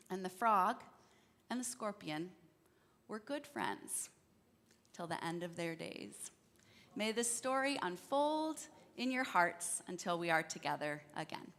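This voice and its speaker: A woman leading a church service, telling a fable gently and asking her listeners questions. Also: on the low side, expressive, slow. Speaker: worship leader. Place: church sanctuary. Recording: church hall reverb.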